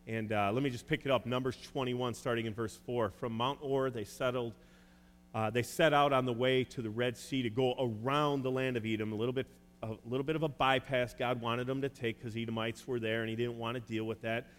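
A man preaching a sermon as a pastor, earnest and pausing often with "uh" as he urges listeners to repent. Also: mid-range voice, steady tone. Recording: echoey hall with faint hum.

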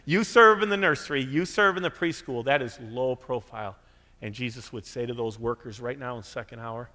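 Animated preacher in a big echoing hall. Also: male voice, a little fast. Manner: animated, acts out quotes with big pitch jumps. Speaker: pastor. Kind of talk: sermon. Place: church sanctuary. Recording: reverberant church hall.

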